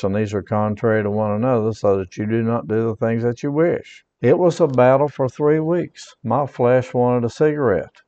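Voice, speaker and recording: A man's voice: medium pitch, dark tone, big-room sound, dull audio. A man who is a pastor giving an earnest personal testimony sermon, repeating his points and reading scripture aloud.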